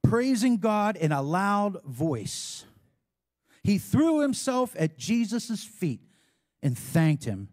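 A man's voice: high-pitched, very animated, takes it slowly, darkish tone. A man preaching a sermon as a pastor, talking in a conversational way with frequent asides and call-and-response with the congregation.

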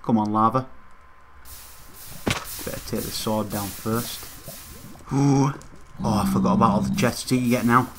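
A man's voice: mid-range voice, steady tone, a little slow, pauses often, background noise. A young man hosting a gaming channel, chatting casually to his viewers as he plays. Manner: chatty, talks straight to viewers. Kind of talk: casual gameplay commentary.

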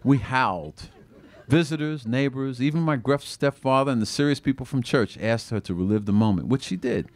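This is a man reading his own writing at a bookstore gathering, with a mid-range voice and no room sound. He delivers it expressively and acts out the voices in the quotes.

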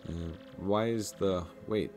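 A man commenting casually on the game he plays, tossing out wry, offhand asides. His voice sits fairly low. Faint game music plays behind him. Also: slow pace, a little mellow. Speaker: let's play host.

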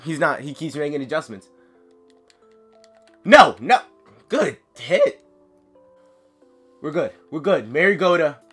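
Male gamer commentator, bright and high voice, swings from mutters to sung shouts, faint music behind. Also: slightly rough. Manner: yells and chants, sings cheers, flustered self-talk. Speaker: gaming commentator. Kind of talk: excitable live gameplay commentary.

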